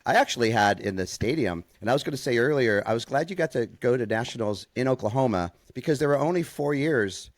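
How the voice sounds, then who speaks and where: A man co-hosting a podcast and chatting casually, a softball coach telling stories and acting out what people said. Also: medium pitch, fast talker, few pauses, dry recording, clean studio sound. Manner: storytelling, calm, quotes people in voices.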